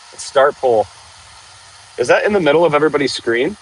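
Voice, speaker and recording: A man hosting a casual outdoor livestream, chatting and joking with viewers while clearing trees with a machine. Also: a little high, expressive, normal speed, poor audio. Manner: chatty, jokey, talks to viewers while working. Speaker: livestream host.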